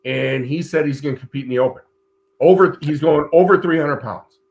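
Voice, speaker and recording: A middle-aged man co-hosting a casual chat show, telling stories in a relaxed, blunt and profane way. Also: fairly high pitch, brisk. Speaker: co-host.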